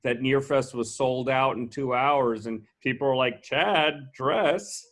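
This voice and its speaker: A man with a mid-range voice telling stories as a guest. He switches into quoted voices as he goes, and his pitch jumps up sharply on those lines. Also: normal speed, a little hiss or hum. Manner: animated, acts out quoted dialogue. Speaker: festival co-founder guest. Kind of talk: casual anecdotal storytelling.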